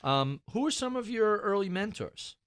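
A man hosting a podcast, asking measured, attentive interview questions. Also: high-pitched, big pitch swings, fairly bright tone, clear, resonant tone. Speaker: podcast host.

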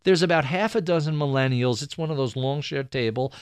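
Male podcast host, smooth resonant voice, dry close mic, rambling storyteller. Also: on the high side, a little fast, dry recording. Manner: rambling, with restarts and quoted dialogue. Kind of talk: casual storytelling.

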